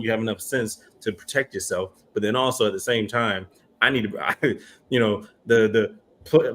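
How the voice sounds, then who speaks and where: A man in his thirties co-hosting a podcast, chatting casually and telling stories with halting restarts. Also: mid-range voice, slight background noise. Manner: animated storyteller, halting restarts. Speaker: podcast co-host. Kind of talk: casual chat.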